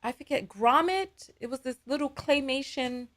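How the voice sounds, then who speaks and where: A woman's voice: high voice, moderate pace, fairly bright tone. A woman hosting a live call-in show, talking in a conversational, digressive way and taking calls.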